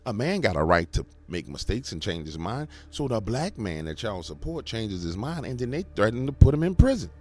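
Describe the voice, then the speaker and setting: A man's voice: lowish voice, very animated, a little fast, hardly any pauses. A man hosting a political commentary show, ranting emphatically with rhetorical questions. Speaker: commentary host.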